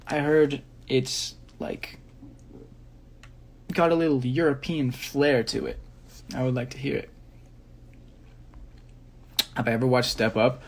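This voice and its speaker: A man's voice: medium pitch, fairly even intonation, slow pace, gravelly, pauses often, slight background noise. A young man, a dancer, chatting casually on a phone livestream and rambling through fan questions with frequent ums.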